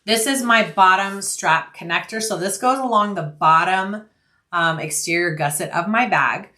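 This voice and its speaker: A woman narrating a casual sewing tutorial, explaining each step in a relaxed, practical way and thinking aloud with frequent ums. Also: medium pitch, normal speed. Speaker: bag-making tutorial host.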